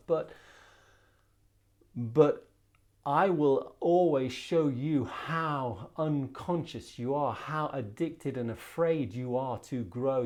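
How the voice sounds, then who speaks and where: A man's voice: medium pitch, gravelly, a little mellow. A man voicing a male devil who bluntly taunts and challenges the listener, in a raised voice. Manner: blunt, scolding.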